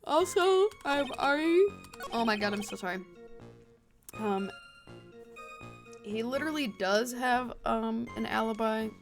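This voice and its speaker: A woman's voice: fairly high pitch, steady tone, a little slow, pauses often, soft background music. A woman streamer chatting casually over a game, playful, swearing and laughing in asides. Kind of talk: casual let's-play commentary.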